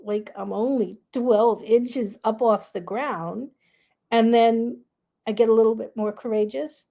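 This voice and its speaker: A woman coach calmly telling a personal story in a reflective, unhurried way. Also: on the high side. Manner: calm, reflective, acts out her own fearful self-talk. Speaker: grief relief coach and host.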